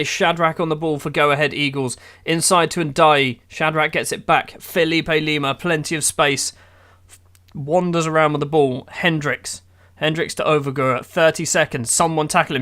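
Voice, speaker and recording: A man with a fairly high-pitched voice narrates his football management game as it plays out. He calls the action in quick bursts and groans at his team with dry sarcasm, talking like a casual gaming video host. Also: sharp tone. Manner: exasperated, sarcastic running match commentary. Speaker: gaming YouTuber. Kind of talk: playing a football manager game with live commentary.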